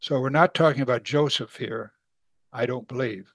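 A man's voice: medium pitch, moderate pace, fairly bright tone, dry recording. A middle-aged man teaching a Bible passage in a folksy, conversational way, chuckling and acting out the people in the story. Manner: folksy, chuckles, acts out voices.

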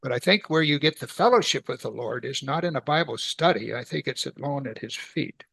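A man's voice: mid-range voice, expressive, fairly quick, gravelly, fairly bright tone, slightly rough, dry recording. A man teaching a weekly Bible study in a conversational way, asking his class rhetorical questions.

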